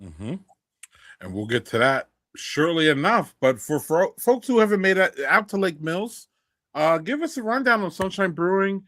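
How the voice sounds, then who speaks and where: Man, live-stream host, casual folksy chat, very lively pitch, dry sound. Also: moderate pace, dry recording. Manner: animated, folksy, says y'all. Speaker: podcast host.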